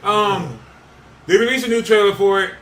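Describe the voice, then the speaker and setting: High, lively man, off-mic and echoey. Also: normal speed, recorded from a distance. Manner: laughing, animated joking. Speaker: podcast co-host. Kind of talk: casual chat. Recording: echoey room, off-mic, faint noise.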